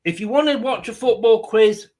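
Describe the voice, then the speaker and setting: A man's voice: sits high, expressive, moderate pace, a little mellow. A man hosting a fan live stream, chatting casually and rambling with jokey asides. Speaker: fan channel host.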